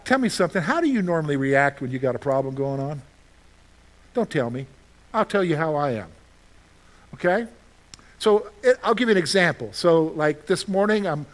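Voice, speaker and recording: High-voiced animated preacher man. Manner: conversational, asks the audience questions and answers them; animated storytelling with sudden loud outbursts. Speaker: pastor. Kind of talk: sermon.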